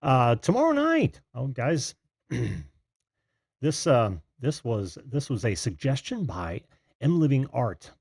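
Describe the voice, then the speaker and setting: A man with a gravelly, husky voice hosts a live video call-in show. His pitch moves a lot as he chats, full of fillers and friendly shout-outs. The sound is dry and close over a video call. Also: sing-song, takes it slowly, no echo. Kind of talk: casual live-stream chat.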